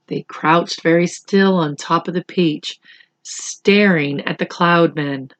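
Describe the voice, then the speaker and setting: A woman reading a chapter book aloud for children in a gentle, teacherly way, talking to the boys and girls. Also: fairly low pitch, slow pace, highs cut off. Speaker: children's story reader. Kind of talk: read-aloud for kids.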